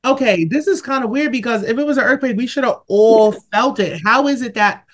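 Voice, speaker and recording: A woman hosting a podcast, telling stories in casual chat and acting out quotes with big jumps in pitch. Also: fairly quick. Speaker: podcast host.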